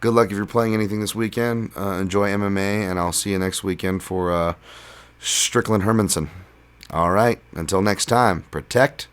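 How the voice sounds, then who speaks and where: A man's voice: on the low side, normal speed, a bit bright, smooth. A man hosting his own podcast, talking through fight picks alone in a loose, casual way, with frequent ums and restarts. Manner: casual, many fillers and restarts. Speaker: podcast host. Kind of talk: solo sports betting breakdown.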